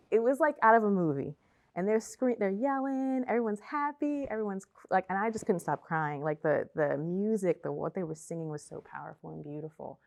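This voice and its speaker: Woman, young adult, low pitch, gravelly fry, emotional, halting, personal testimony. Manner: emotional, halting, repeats herself. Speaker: testimony speaker.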